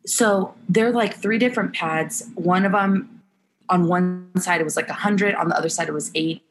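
A young woman, an Olympic softball player, chatting candidly as a podcast guest with lots of laughter and filler words. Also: fairly low pitch, normal speed, over music. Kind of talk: casual podcast chat.

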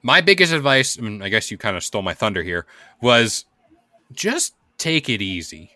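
A man's voice: fairly low pitch, big pitch swings, moderate pace, bright, forceful tone, no room sound. A man hosting a casual podcast, chatting in a laid-back, rambling, jokey way. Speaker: podcast host. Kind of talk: casual chat.

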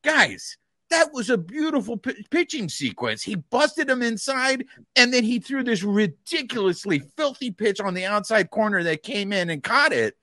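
A male podcast host with a high, bright voice that swings up and down a lot as he talks. He is blunt and swears freely. His question comes across as casual chat, and his voice sounds close and dry. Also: sing-song, normal speed, no echo.

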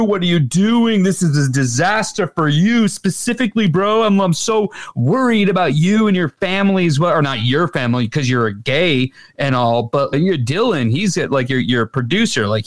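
A man's voice: fairly high pitch, no echo, natural voice. A man mocking a frantic blustering lawyer. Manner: exaggerated, frantic, fake-concerned. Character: panicky, blustering male lawyer, mock-friendly. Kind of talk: mocking impression in casual chat.

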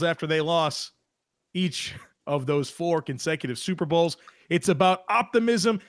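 An upbeat man co-hosts a sports podcast over a video call, his voice sitting a little higher than most men's. He rattles off figures briskly. The sound is dry and close, with no room at all. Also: no room sound. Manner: upbeat, rattles off lists of numbers. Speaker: podcast co-host. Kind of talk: casual sports podcast chat.

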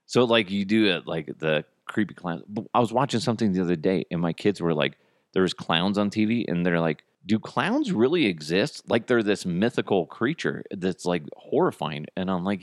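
Speaking in a lowish voice, this solo podcaster in his thirties rambles, swears, and pokes fun at himself in a relaxed show. He uses headphones and a studio mic, and the studio-quality audio has no echo.

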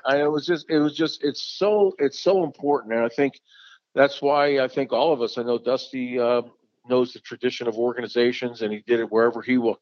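A man's voice: mid-range voice, steady tone, a little fast, darkish tone, no echo. Easygoing man, lo-fi dry sound. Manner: easygoing, repeats himself, says "man". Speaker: former catcher, interview guest. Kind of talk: casual storytelling.

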